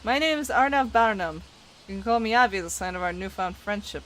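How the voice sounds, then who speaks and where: A woman's voice: mid-range voice, lively intonation, quick pace, a little hiss or hum, natural voice, poor audio. Woman voicing a pompous flamboyant male writer. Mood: grandiose. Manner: theatrical, grandiose, loud exclamations. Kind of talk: reading game dialogue aloud.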